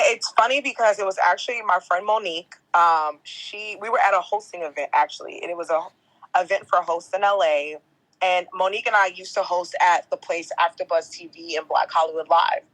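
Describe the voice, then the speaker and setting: A woman in her thirties, a guest on a podcast, telling stories in a lively, casual way and swearing now and then. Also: on the low side, poor audio. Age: 30s. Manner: animated storyteller, swears casually. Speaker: guest, entertainment host.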